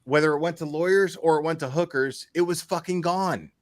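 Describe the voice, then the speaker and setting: A man's voice: on the high side, a little fast, dry recording, studio quality. A man hosting a casual chat, venting heatedly and swearing often, repeating himself as he talks. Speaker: YouTube channel host.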